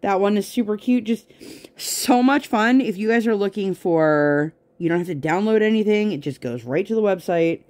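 A woman's voice: mid-range voice, lively intonation, normal speed, a little mellow. Rambling, chatty woman crafting at home. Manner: rambling, chatty, full of tangents and fillers. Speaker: crafting vlogger. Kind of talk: casual chat while working on a craft.

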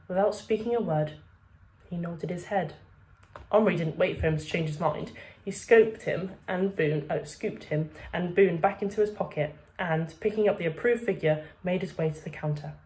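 Woman reading a storybook aloud, low voice. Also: moderate pace, darkish tone. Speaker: reader.

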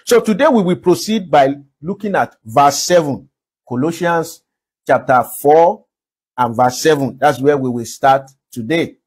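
A man with a Nigerian accent delivers a sermon in a somewhat high, husky voice. His preaching is emphatic, racing through some phrases and drawing others out slowly and deliberately. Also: lively intonation. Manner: emphatic preaching, shifts between quick and slow deliberate delivery. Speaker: pastor.

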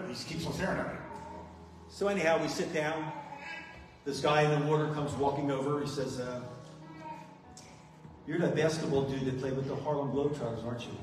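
A man's voice: fairly high pitch, recorded from a distance. A man giving a testimony speech as a guest speaker at a recovery meeting, plain-spoken and earnest as he tells his story. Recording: echoey hall from afar with music.

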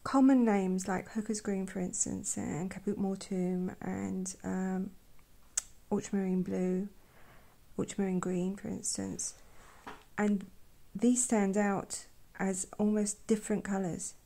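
A woman talking softly while swatching paints, often dropping to a whisper and gushing with delight. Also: mid-range voice, flat delivery, slow pace, vocal fry. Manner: gushing, effusive, trails off into whispers. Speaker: art vlogger. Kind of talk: soft-spoken swatching commentary.

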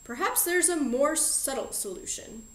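A woman's voice: high voice, lively intonation, unhurried, reverberant, pitched above the performer's own voice, low-quality recording. A woman voicing a genial, eccentric middle-aged male magic shop owner who speaks in a fussy, polite and playfully formal way, for an audiobook. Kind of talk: audiobook character reading.

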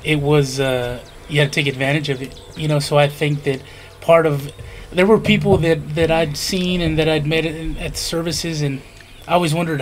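A man's voice: on the high side, steady tone, moderate pace, a little hiss or hum. A middle-aged man reflecting on his late brother in casual family conversation, bluntly and with some cursing. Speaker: brother sharing memories.

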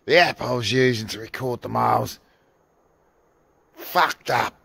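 A man's voice: mid-range voice, flat delivery, fairly quick, vocal fry, fairly bright tone, husky, dry recording. A drunk man rambling and swearing through a vlog, slurring and mocking himself. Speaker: vlogger. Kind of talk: rambling vlog during a drinking challenge.

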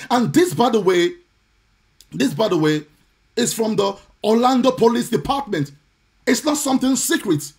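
A man preaching on a live stream, indignant and forceful, repeating his points and sometimes slipping into a sing-song cadence. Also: extremely high pitch, gravelly. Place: home or church, streaming live.

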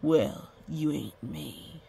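A swaggering, boastful blacksmith from a picture book, done by a woman reading aloud. The voice sits low and drags slowly, full of puffed-up pride. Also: flat delivery. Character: proud, boastful male village blacksmith.

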